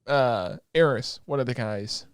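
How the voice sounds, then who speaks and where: A young man co-hosting a podcast, recapping anime in a rambling, excitable way with lots of filler words and swearing. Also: mid-range voice, measured pace, smooth, no room sound, studio quality. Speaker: podcast co-host. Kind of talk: casual chat recapping anime episodes.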